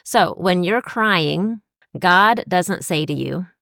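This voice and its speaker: An earnest woman co-hosts a Christian podcast, talking reflectively and quoting scripture. Her voice sits a little low for a woman. The recording is dry and close. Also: expressive, takes it slowly, vocal fry, a bit bright, no room sound. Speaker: podcast co-host.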